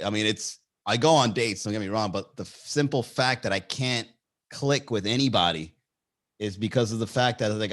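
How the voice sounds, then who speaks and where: A man's voice: on the low side, fairly bright tone. A man hosting a comedy podcast, riffing casually in a rambling, profane way and reacting to live chat.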